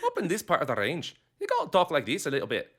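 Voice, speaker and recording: A man putting on a rough, self-admittedly poor Scottish-style accent as a mountain character. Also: fairly high pitch, wildly swooping pitch, quick pace, fairly bright tone, voice pushed up, heavily acted. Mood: playful.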